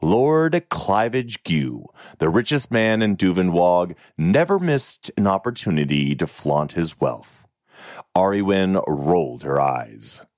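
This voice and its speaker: A man narrating a fantasy novel in an expressive, even storytelling manner. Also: sits low, takes it slowly, no echo, studio quality. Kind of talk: audiobook narration.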